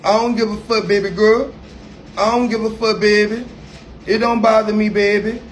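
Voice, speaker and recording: A taunting, sassy voice with a put-on New Orleans drawl, as a man mocks a rival while livestreaming. It sits high and keeps leaning on pet names, as if needling someone on purpose. A faint hiss hangs behind it. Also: level tone, moderate pace, lightly acted.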